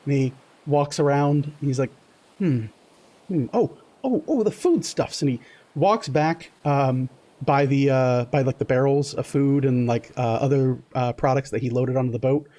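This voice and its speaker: A man running a tabletop game as game master, narrating in a loose, halting way full of fillers. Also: medium pitch, flat delivery, mellow.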